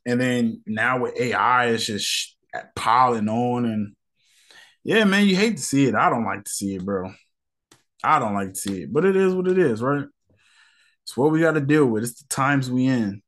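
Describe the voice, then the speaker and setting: A man's voice: mid-range voice, expressive, moderate pace, fairly bright tone. Male podcast host, casual slangy rant, irritated and rambling.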